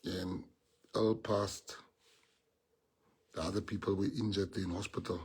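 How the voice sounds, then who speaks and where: Husky South African man giving an earnest speech. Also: sits low, fairly even intonation, measured pace, a little mellow. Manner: earnest, repeating key phrases for emphasis. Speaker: party leader addressing members. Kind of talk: heartfelt speech to supporters.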